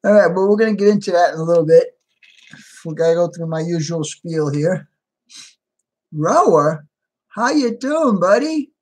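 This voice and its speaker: A man's voice: a little high, fairly even intonation, normal speed, long pauses, darkish tone. Casual man greeting his stream viewers. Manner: reads out viewer names and replies to chat. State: a little tired. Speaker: livestream host.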